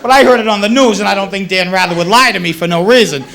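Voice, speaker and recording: A man's voice: high-pitched, racing, gravelly, a bit bright. A man in his thirties from the Boston area, doing a wry, self-mocking stand-up set on a club stage. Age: 30s. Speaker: stand-up comedian. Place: comedy club stage with a laughing audience. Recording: 1980s cable TV taping with crowd laughter.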